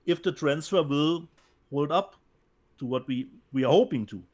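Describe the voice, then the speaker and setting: A man's voice: a little high, moderate pace, a little mellow. A man with a German accent co-hosting a casual show, reading viewer comments aloud and often repeating words as he searches for them. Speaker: co-host. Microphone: remote call from home.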